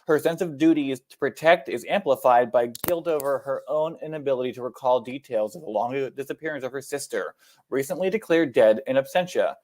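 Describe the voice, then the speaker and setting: A man's voice: mid-range voice, a little fast, darkish tone, slight background noise. A man with an American accent, co-hosting a podcast in casual, jokey chat, swearing freely and laughing at himself. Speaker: podcast co-host.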